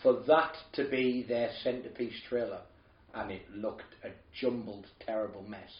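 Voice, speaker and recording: A man's voice: fairly low pitch, normal speed. A man, co-hosting a podcast in casual, sweary, ranting banter. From northern England. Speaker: podcast co-host. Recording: roomy, slightly dull podcast audio.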